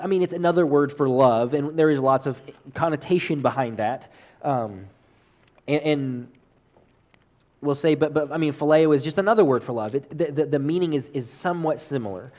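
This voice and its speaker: A man's voice: a little high, a little mellow. A man teaching a church Bible class off the cuff, earnest and hesitant, full of restarts and fillers.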